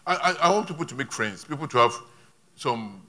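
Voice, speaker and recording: Bright-voiced preacher, emphatic man. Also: mid-range voice, lively intonation, brisk. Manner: emphatic preaching with sudden loud rises and quiet asides. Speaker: pastor. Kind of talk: sermon.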